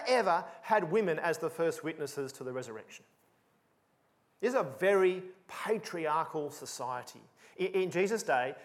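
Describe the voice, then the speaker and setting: Emphatic, lively male preacher. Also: high voice. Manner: emphatic, animated, repeats for emphasis. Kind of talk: sermon.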